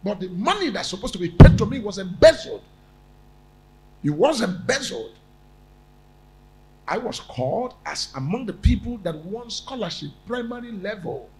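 Male prophet-preacher, slightly high voice, emphatic and repetitive, stammers on restarts. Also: sing-song, normal speed, pauses often, a little mellow, slight background noise, poor audio. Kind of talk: sermon.

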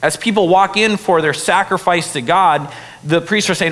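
A young man preaching a sermon in a casual, animated way, full of fillers like "right?" and "like". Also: high-pitched, normal speed. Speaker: pastor. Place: church hall. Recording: long hall reverb.

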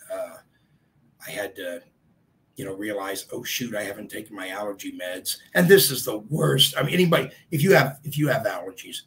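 A man hosting a casual live stream, chatting in a rambling way and greeting viewers by name, his voice a bit congested and hoarse. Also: on the low side, fairly bright tone, low-quality recording.

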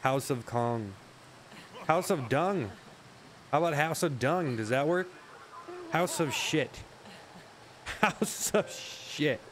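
A man's voice: medium pitch, animated, takes it slowly, pauses often, slight background noise. A man rambling through a comedic monologue, often cutting himself off, swearing and joking. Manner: rambling, self-interrupting, swears often, jokey. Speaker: comedy vlogger.

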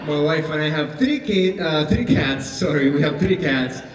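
A man from Argentina with an Argentine accent doing a stand-up set, talking fast and deadpan. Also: on the high side, noisy background. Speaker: stand-up comedian. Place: theater stage. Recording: echoey theater hall from far off.

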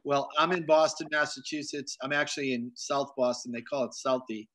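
A man's voice: mid-range voice, fairly even intonation, a little fast, noisy background. A man hosting a video call, joking around and reading out greetings from viewers. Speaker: host. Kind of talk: casual chat on a video call.

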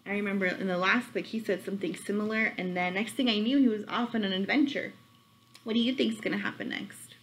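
A woman reading a children's picture book aloud, expressive and pausing to ask her listeners questions. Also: medium pitch, low-quality recording.

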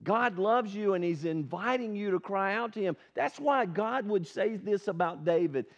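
A man's voice: high voice, expressive, moderate pace. A male pastor giving an earnest, conversational sermon at a church service, often asking the congregation questions. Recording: dull lo-fi sermon recording.

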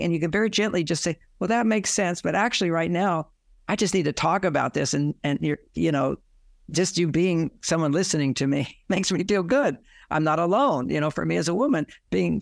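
A man's voice: fairly high pitch, vocal fry, no echo, studio quality. A man giving relationship advice in a rambling way, acting out quoted lines as he goes. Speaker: relationship author and guest. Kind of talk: advice talk.

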